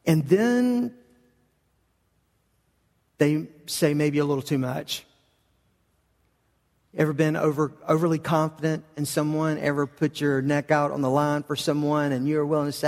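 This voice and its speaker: A man preaching a sermon, telling a Bible story in an animated way with frequent stammered repeats. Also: a little high, moderate pace, pauses often. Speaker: pastor. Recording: echoey hall with long reverb.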